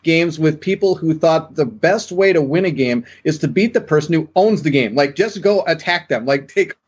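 A man's voice: fairly high pitch, animated, normal speed, slightly rough. A man telling rambling, enthusiastic stories during a casual chat on a gaming stream. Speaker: co-host.

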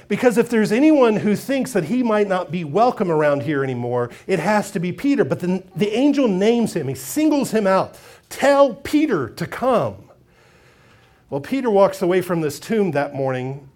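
A man preaching a sermon as pastor, retelling a story expressively and acting out its voices. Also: high voice. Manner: expressive storytelling, acts out quotes.

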